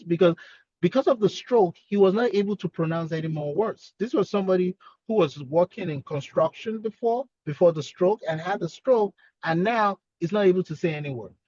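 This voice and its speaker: A man's voice: sits high, a little mellow, dry recording, lo-fi sound. Earnest man explaining therapy techniques. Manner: earnest, explanatory, repeats key points. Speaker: speech-language pathologist guest. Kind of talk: expert explaining on a webinar.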